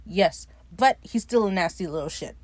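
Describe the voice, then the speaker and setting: A woman's voice: on the low side, expressive, normal speed, darkish tone. A woman hosting a casual podcast, recapping a TV episode in a chatty, profane way with frequent laughs. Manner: chatty, swears freely, laughs often.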